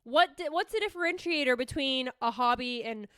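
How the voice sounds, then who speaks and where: A high-pitched young woman hosts her podcast in a bubbly, rambling way, swearing casually and restarting her sentences. Her voice is bright and forward. She is recorded close on a dry microphone with no room sound. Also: animated, normal speed, smooth, no echo. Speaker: podcast host. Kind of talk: casual solo podcast chat. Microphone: close podcast mic.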